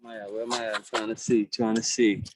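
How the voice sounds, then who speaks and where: A man's voice: lowish voice, flat delivery, fast talker, background noise. A young man with a Boston accent, performing rhymed spoken-word verses with a confident, rhythmic delivery and hyping up his audience on a video call. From Massachusetts, US. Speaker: featured poet and recording artist.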